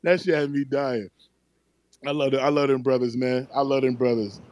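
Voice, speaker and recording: A man's voice: medium pitch, normal speed, no echo. A man in a casual group chat who tells stories animatedly, swears freely and keeps breaking into laughter. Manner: laughing storyteller, profane and animated. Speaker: call-in discussion participant.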